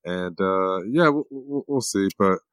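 Low-voiced guy, guest on a sports podcast, chill, dry sound. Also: expressive, unhurried, no echo. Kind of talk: casual sports chat.

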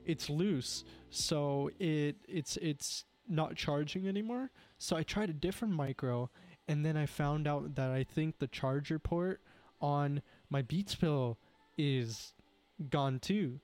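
A man's voice: fairly high pitch, slow, darkish tone, dry recording. A young man chatting casually among friends, rambling and slangy, often mimicking a device's voice. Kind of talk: casual chat.

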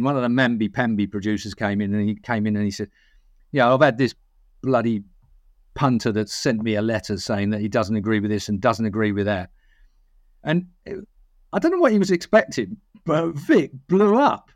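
A man's voice: mid-range voice, dry recording, studio quality. A middle-aged British man co-hosting a podcast, telling rambling stories and giving strong opinions. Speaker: podcast co-host. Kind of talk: casual chat.

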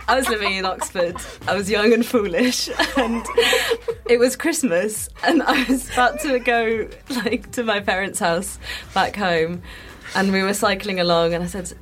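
A woman's voice: medium pitch, moderate pace, fairly bright tone. A woman co-hosting a radio show, telling a story in casual chat and laughing often as she talks. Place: radio studio.

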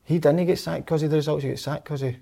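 A Scottish man co-hosting, telling stories in animated casual banter. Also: on the high side, quick pace, gravelly. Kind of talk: casual chat.

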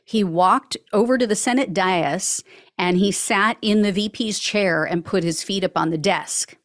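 Podcast host, female, medium pitch, dry close mic, dry wit while recounting a case. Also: a little slow, no room sound. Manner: wry, sarcastic asides. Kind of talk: news commentary reading quotes.

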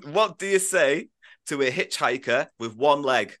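Male podcast host: bright, forceful, enthusiastic, slightly high-pitched. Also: big pitch swings, measured pace. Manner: upbeat, enthusiastic, laughs often. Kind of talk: casual football podcast chat.

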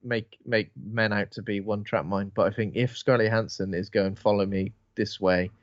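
A man's voice: lowish voice, fairly even intonation, a little fast, no room sound. Man, podcast cohost, rambling sweary film talk, dull dry recording. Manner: rambling, swears freely, acts out lines. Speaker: podcast co-host. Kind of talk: casual film chat.

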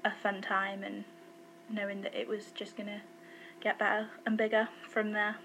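An upbeat woman answers an interview question with very little pitch movement. Faint background noise sits under her voice. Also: completely flat delivery, normal speed, vocal fry, a bit bright, low-quality recording. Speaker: audio drama voice actor.

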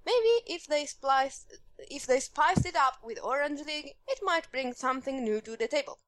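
A woman's voice: high-pitched, animated, moderate pace, a bit bright, no room sound. A woman voicing a listener's email in a put-on Russian accent, clipped and dropping articles, reading it aloud on a podcast. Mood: mock-earnest. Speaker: podcast co-host.

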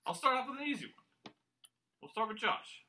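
A man's voice: very high voice, normal speed. A man hosting a casual party game among friends, explaining the rules and reading movie quotes. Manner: reads quotes in a flat monotone. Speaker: game host. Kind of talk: casual podcast game chat.

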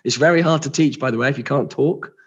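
A hoarse man with a gravelly voice, co-hosting a podcast in relaxed, chatty conversation. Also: medium pitch, quick pace, muffled recording. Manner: relaxed, chatty, explains things plainly. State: hoarse, recovering from a lost voice. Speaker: podcast co-host. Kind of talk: casual chat.

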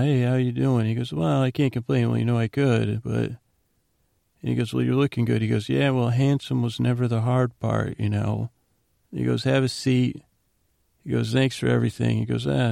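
Male host, low and gravelly, warm flat delivery, meandering bedtime recap, dry close sound. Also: no room sound. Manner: meandering, retells scenes with loose quoted dialogue. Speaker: podcast host. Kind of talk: rambling sleepy recap.

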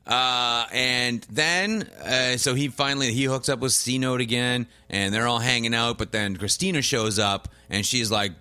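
A man recapping a TV show in casual chat, rambling and acting out characters in quick asides. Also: medium pitch, bright, forceful tone, no echo.

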